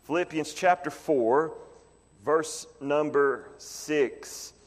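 Pastor guy preaching, kinda high voice, big echoey church, gets loud then drops quiet. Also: very slow. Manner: emphatic preaching, swings from loud pleading to low quiet asides. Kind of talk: sermon.

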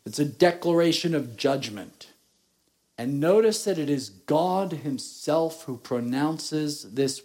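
A man preaching a sermon, reading scripture and explaining it slowly and deliberately, rising in force at times. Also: a little high, darkish tone. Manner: slow, deliberate preaching, rising in intensity at points. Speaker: pastor.

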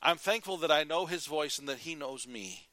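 Man, pastor preaching, bright forceful tone, dry sound, earnest emphatic delivery. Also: on the high side, expressive, moderate pace, no echo. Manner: earnest preaching, rising to emphatic calls and dropping to quiet. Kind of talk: sermon.

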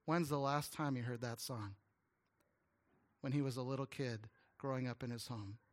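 A man preaching a sermon as a guest pastor, telling an earnest story with stammered restarts and some hushed, tender moments. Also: medium pitch, fairly even intonation, normal speed. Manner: drops to a hushed, tender voice at emotional points.

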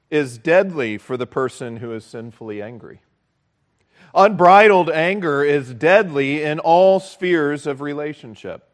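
A man preaching a sermon as pastor, earnest and measured, repeating key phrases for emphasis. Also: fairly high pitch.

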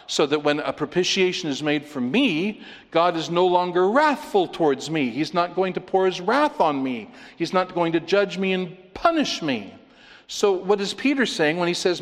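A man preaching a sermon as a pastor, teaching with wry sarcastic asides and lively emphasis. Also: on the high side. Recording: long hall reverb.

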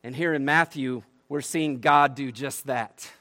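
A man's voice: mid-range voice, a little slow, sharp tone, dry recording. A man preaching a sermon. He reads scripture aloud with rising emphasis and breaks off into conversational asides that end in "right?". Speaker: pastor.

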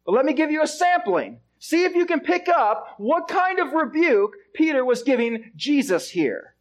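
High-voiced man preaching a sermon. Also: big pitch swings, normal speed. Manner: asks the congregation rhetorical questions. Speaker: pastor. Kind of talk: expository sermon.

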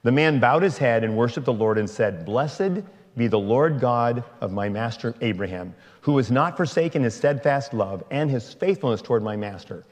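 A man reading a long scripture passage aloud in a slow, measured way. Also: medium pitch, lively intonation, big-room sound. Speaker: scripture reader.

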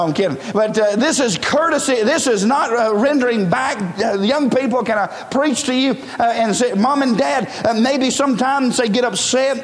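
Male preacher, high pitch, chatty sermon that swells into shouts, recorded in an echoing hall. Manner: conversational preaching with many fillers, rising to shouts.

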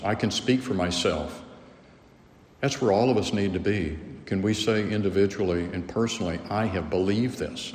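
A man preaching a sermon, earnest and emphatic, often repeating words as he presses a point. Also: low voice. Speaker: pastor. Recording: echoey hall with faint room noise.

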